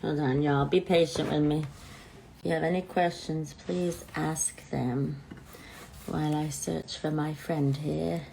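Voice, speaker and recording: Woman host of a live video show: unhurried, lower voice, easygoing chatter, a little stuffy from allergies, faint hiss. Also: steady tone, gravelly, mellow, rough recording. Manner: chatty, loose, thinks aloud while waiting. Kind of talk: casual live-stream chat.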